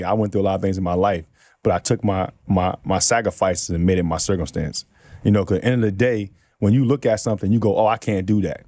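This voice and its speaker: A middle-aged man from New City, telling animated stories in casual chat and acting out other people's lines with lots of laughter. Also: fairly low pitch, dry recording. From New York City. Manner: animated storyteller acting out quotes, laughs often. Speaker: podcast guest.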